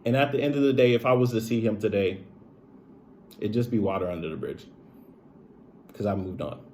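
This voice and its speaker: Low-voiced man telling a raw story. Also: a little fast, mellow, slight background noise. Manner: emotional, profane, filler-heavy, says "bro" often. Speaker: streamer retelling a personal story. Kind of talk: casual confessional storytelling.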